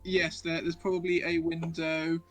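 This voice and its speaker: A man's voice: fairly high pitch, monotone, normal speed, fairly bright tone, faint music behind. Easygoing male game master. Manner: easygoing, hesitant. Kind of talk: narrating a tabletop game.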